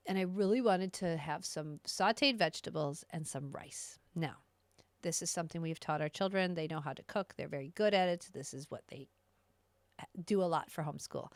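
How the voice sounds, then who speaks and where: A woman podcast host and astrologer telling a personal story in a casual, animated, self-mocking way, often laughing. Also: lowish voice, no echo.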